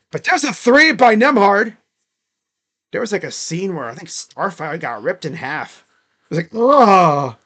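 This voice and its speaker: A young man giving casual live play-by-play, rambling and slangy between calls. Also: a little high. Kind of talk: casual live reaction commentary.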